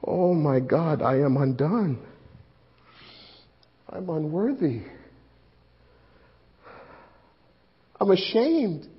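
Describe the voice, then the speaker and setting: A man acting a grieving male disciple at the crucifixion, in a dramatic monologue, halting and repeating his words, on a dull lo-fi recording. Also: on the high side, expressive, husky, pitched below the performer's own voice, exaggerated voice. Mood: ashamed.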